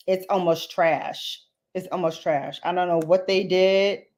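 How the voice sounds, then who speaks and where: A woman's voice: fairly low pitch, darkish tone. A woman vlogging a makeup demo in a chatty, playful way, full of slangy asides to her viewers. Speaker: beauty vlogger. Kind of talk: casual makeup demo chat.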